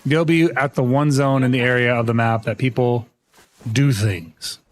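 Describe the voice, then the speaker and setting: A young man live-streaming a game, talking to his chat in an excitable, laughing, apologetic way. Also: mid-range voice, normal speed.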